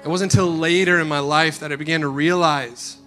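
Man, bright forceful voice, earnest sermon storytelling, hushed to loud. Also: on the high side, steady tone, a little fast, soft background music. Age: adult. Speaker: preacher. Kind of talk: sermon testimony.

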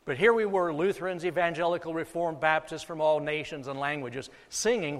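An American pastor preaches from the pulpit of a church sanctuary, emphatic and repeating key phrases for effect. His voice is a little high and steady in tone, and he talks a little fast. The long reverb of a large hall surrounds him.

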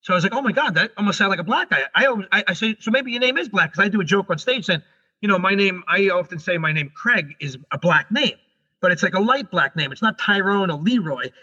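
A middle-aged man, a guest on an interview show, telling a story in a rushed, animated way and often restarting his sentences. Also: high voice, husky. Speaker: guest, comedian and paranormal investigator. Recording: dull lo-fi recording.

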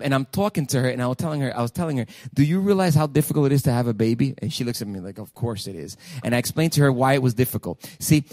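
A man preaching a sermon as pastor, emphatic, swinging between loud declarations and hushed asides. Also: mid-range voice, no echo, studio quality. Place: church sanctuary.

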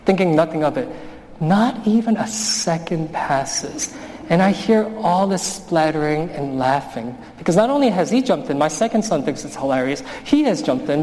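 A man's voice: on the high side, darkish tone, a little hiss or hum. A male pastor preaching a sermon in a conversational, storytelling manner. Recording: long hall reverb.

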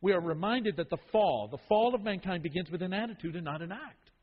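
A man with a high voice preaches a sermon, repeating phrases for emphasis and dropping to a hush before rising again. The sound is muffled and lo-fi. A long reverb trails his words through the hall. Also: animated, fast. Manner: emphatic, repeats phrases, swings from loud to hushed. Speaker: pastor.

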